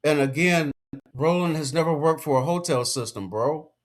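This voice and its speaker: A man's voice: fairly high pitch, normal speed. A man giving a casual commentary rant, emphatic and lecturing, full of slang and repeated points. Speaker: commentary vlogger.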